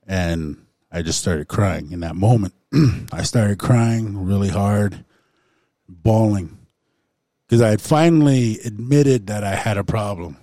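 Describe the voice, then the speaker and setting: A man sharing his personal testimony in a recovery circle, halting with fillers and frequent throat-clearing. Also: fairly low pitch, expressive, dark tone, dry recording, studio quality. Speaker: recovery group member sharing.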